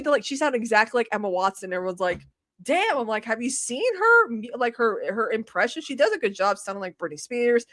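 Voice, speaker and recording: A woman in her thirties co-hosting a podcast, chatting in an animated, rambling way with quick asides and swearing. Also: on the high side, dry recording, studio quality. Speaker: podcast co-host. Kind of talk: casual chat.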